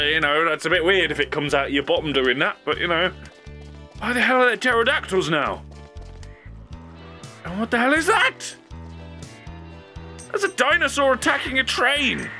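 A young man doing excitable let's play commentary, laughing and swearing as he plays. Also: a little high, gravelly. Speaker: gaming YouTuber. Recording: faint game music behind. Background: faint game music.

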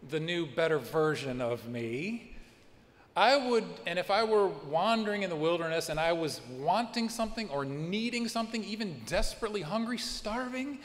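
A male pastor delivers a sermon with a slightly high-pitched voice, acting out the quoted voices with lively emphasis. His words carry a long reverb through the church sanctuary, with a faint room hum underneath. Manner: expressive preaching with acted-out quotes.

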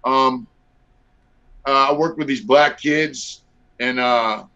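Taking it slowly, a middle-aged man with a mid-range, bright, forceful, clean voice tells stories as a guest on a video call interview. His casual delivery is blunt, profane, and laid-back with lots of fillers, and the recording sounds dull and lo-fi.

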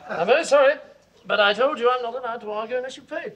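An actor playing a smug arguer for hire who curtly contradicts everything in a 1970s TV sketch. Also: male voice, extremely high pitch, quick pace, recorded from a distance. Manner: curt, flatly contradicts.

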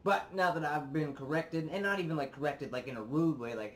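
A man's voice: fairly high pitch, a little fast, few pauses, a little hiss or hum. Swearing, worked-up young man venting. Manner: swears often, animated and worked up. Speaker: reaction video host. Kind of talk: casual vlog rant.

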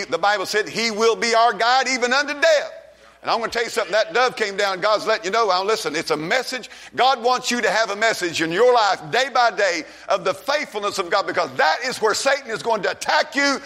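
A man preaching a revival sermon, fervently calling out and then dropping to a hushed tone. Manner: fervent, shouts rises then drops low and hushed.

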